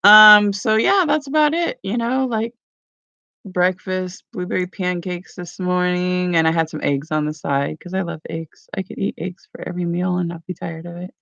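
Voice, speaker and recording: A woman's voice: on the low side, moderate pace, creaky, fairly bright tone, dry recording. A woman rambling casually at home for her morning vlog, with lots of "like" and "you know.". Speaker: vlogger. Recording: dull lo-fi sound.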